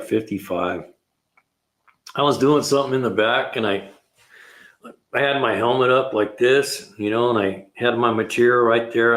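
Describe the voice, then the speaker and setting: A man's voice: medium pitch, fairly bright tone. An older man, a retired mechanic hosting a car repair show, telling rambling shop stories in a casual way, chuckling and acting out his own lines.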